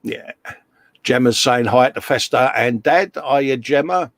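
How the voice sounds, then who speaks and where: A man's voice: medium pitch, a little slow, dry recording. A middle-aged British man hosting a casual live stream from his workshop, chatting and reading out viewers' messages. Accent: British English. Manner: chatty, reads out chat messages. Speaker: host. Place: home workshop.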